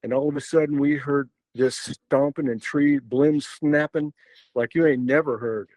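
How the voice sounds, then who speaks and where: A man's voice: on the high side, steady tone, normal speed, darkish tone, no room sound, rough recording. Rambling older man telling a story. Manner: rambling, many fillers and restarts. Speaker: podcast guest. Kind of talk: casual storytelling.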